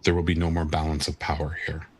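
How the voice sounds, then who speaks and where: A man's voice: very deep voice, flat delivery, quick pace, slight background noise. A man voicing a commanding female vampire club owner in formal, grave speech.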